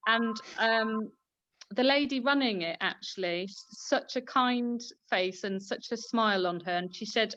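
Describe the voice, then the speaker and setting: A woman's voice: fairly high pitch, unhurried, fairly bright tone, no room sound. A woman hosting an online panel chat, a midwife telling a story in a chatty way with many fillers. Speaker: host and midwife. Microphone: video call. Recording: dull, slightly lo-fi call audio.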